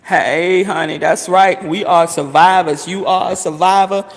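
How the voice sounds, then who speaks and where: A man's voice: high-pitched, fairly even intonation, a little slow. A man chatting casually to his viewers, calling them honey and swearing freely. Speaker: vlogger. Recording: long reverberant echo.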